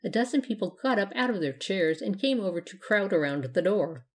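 A woman reads a children's storybook aloud in a steady, gentle manner. Her voice sits at an ordinary middle pitch and keeps an even storytelling pace. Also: a little fast. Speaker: narrator. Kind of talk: storybook reading.

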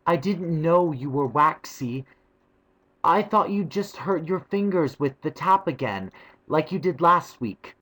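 A man's voice: a little high, a little slow, a bit bright, pitched above the performer's own voice. A man voicing a young boy who is awkward but kind to his sister, in a raised boyish tone. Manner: raised boyish tone, clumsy comforting. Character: awkward schoolboy brother Cyril, gruff but kind.

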